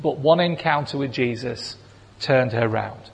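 A man preaching a sermon, animated and acting out voices of people in the stories he tells. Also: mid-range voice, measured pace, gravelly. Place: church hall. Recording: long reverb of a large hall.

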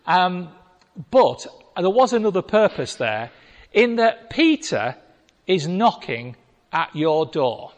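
A man preaching a sermon, telling a Bible story with lively acted-out voices. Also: sits high, slow, dull audio. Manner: animated storytelling, acting out voices. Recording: long reverb of a hall.

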